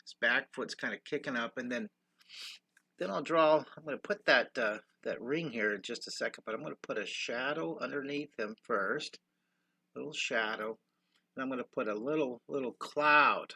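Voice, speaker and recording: A man's voice: mid-range voice, moderate pace, vocal fry, pushed and bright, breathy edge. An older man teaching a live-stream drawing lesson, upbeat and encouraging, greeting viewers while he draws.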